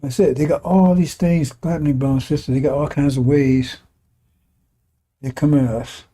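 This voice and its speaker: A man's voice: fairly high pitch, steady tone, normal speed, warm tone. A man preaching a fiery religious broadcast sermon, scornful and mocking, often laughing and repeating his phrases.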